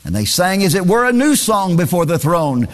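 A man's voice: high voice, sing-song, moderate pace, big-room sound. A man preaching a sermon, reading scripture aloud in a singsong cadence and repeating phrases for emphasis.

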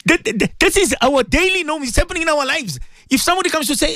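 A man's voice: very high-pitched, animated, fast, sharp tone. A man giving a fervent, repetitive radio sermon, preaching at his listeners with direct questions. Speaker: radio presenter giving religious advice.

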